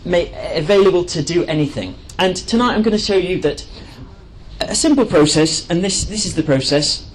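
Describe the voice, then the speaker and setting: A man's voice: high voice, lively intonation, moderate pace, slight background noise, poor audio. Chatty man giving a talk. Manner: enthusiastic, chatty, with frequent fillers and restarts. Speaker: speaker at a live talk. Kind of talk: presentation to an audience.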